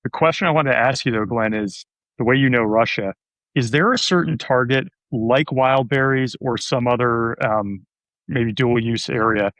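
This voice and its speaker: A man's voice: mid-range voice, moderate pace, a bit bright, dry recording, poor audio. A man hosting a podcast, talking conversationally and putting questions to his co-host. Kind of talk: casual podcast chat.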